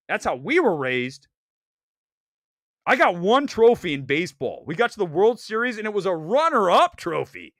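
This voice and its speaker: A man from Ohio hosting a live movie talk stream, loud, outspoken and jokey, breaking into mocking voices now and then. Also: high-pitched, very animated, normal speed, no echo, studio quality. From Ohio, United States. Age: adult. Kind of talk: casual live-stream rant.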